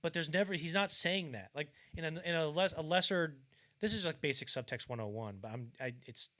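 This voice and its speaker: A man's voice: a little high, brisk, bright, forceful tone. A man hosting a podcast, chatting casually about movies, often stumbling and restarting, acting out lines from scenes. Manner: rambling, stumbles and restarts, acts out quotes. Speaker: podcast host. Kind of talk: casual film discussion.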